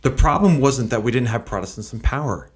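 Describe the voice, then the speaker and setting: A male host offers commentary in an emphatic way, pressing his points with a stream of rhetorical questions. His voice sits at an ordinary middle pitch for a man. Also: expressive, fairly quick.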